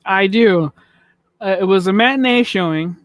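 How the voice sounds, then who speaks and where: A man's voice: high-pitched, normal speed, a bit bright, no room sound. A man co-hosting a casual movie review podcast, playful and a little sassy. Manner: playful, self-described sassy. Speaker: podcast co-host.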